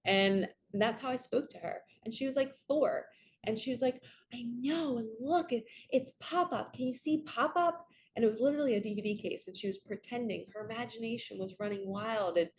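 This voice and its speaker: A woman's voice: mid-range voice, slight background noise. A woman spiritual coach giving an earnest, chatty reading, often checking in with "right?" and acting out quotes in her stories. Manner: animated storytelling with acted quotes.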